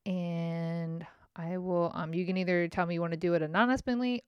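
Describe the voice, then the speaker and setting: A woman's voice: fairly low pitch, steady tone, moderate pace, clean tone, dry recording, dull audio. A woman hosting her own podcast, chatting in a rambling, self-mocking way. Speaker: podcast host. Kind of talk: casual chat.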